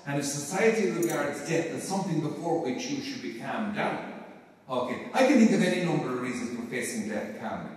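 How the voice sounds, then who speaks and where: An Irish man, a Catholic priest, giving a talk to a live audience, emphatic, swinging from loud urging to quiet asides and often repeating words. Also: a little high. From Ireland. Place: large parish hall. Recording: very echoey hall, distant mic.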